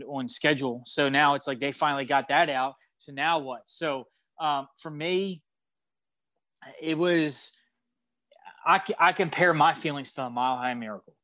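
A young man co-hosting a sports podcast, animated and fast-flowing as he retells a game and acts out his own shouting at the TV. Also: on the high side, dry recording. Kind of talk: casual sports talk.

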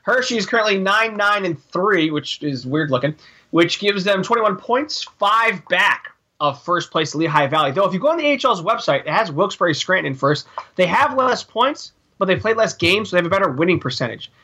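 Bright-voiced jokey male podcast co-host. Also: high voice, lively intonation, husky. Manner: rambling, jokey, quick asides. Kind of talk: casual sports chat.

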